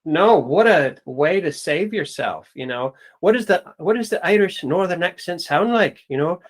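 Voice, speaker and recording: A man hosts the interview in a fairly high voice. He talks in halting bursts and encourages his guest. He sounds like a teacher speaking to students. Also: lively intonation. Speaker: interview host, acting teacher. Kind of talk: casual interview chat.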